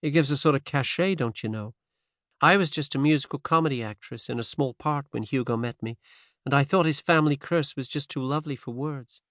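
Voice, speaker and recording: A man's voice: mid-range voice, brisk, a bit bright, no room sound, studio quality, pitched above the performer's own voice, close to an everyday voice. A man reading the part of a determined, worried American woman of about thirty in an audiobook. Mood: confiding. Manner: earnest, worried pleading.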